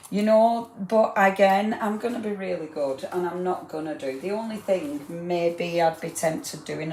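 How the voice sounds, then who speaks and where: A woman with a low voice hosts a live craft demonstration. She talks in a warm, rambling, enthusiastic way and chats to her viewers as she works. The sound is roomy, with a faint hum of background ambience. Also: vocal fry. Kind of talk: chatty live craft demo. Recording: roomy echo.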